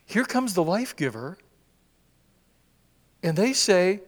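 A man preaching a sermon in a church, acting out scripture quotes with sudden swings from loud cries to hushed whispers. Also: high-pitched, slow pace, long pauses, long reverb tail. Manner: animated, acts out quotes with swings from shouts to whispers. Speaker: pastor. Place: church sanctuary.

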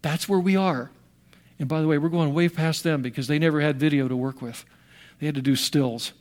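Animated older American preacher. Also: male voice, a little high, fairly quick. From United States. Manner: animated storytelling with restarts and vocal sound effects. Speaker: pastor. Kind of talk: sermon.

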